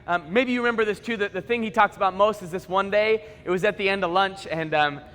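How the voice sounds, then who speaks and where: A man softly voicing a shy teenage girl. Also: high voice, fast talker, big-room sound. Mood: earnest, nervous. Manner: soft, hesitant, many ums.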